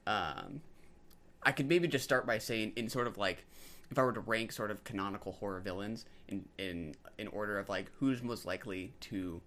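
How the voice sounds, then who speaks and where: A man's voice: on the low side, moderate pace, fairly bright tone. A man co-hosting a podcast, talking casually about films in a hesitant way, with many ums and restarts. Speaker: podcast co-host. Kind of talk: casual film discussion.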